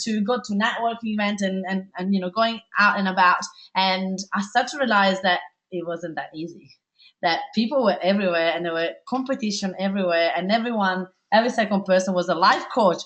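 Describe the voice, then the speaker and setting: A woman's voice: medium pitch, a little fast, fairly bright tone, lo-fi sound. A woman with an Italian accent, hosting a live webinar as a life coach and talking in an enthusiastic, chatty way, often ending with a questioning "right?". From Italy. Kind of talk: live webinar talk to an online audience.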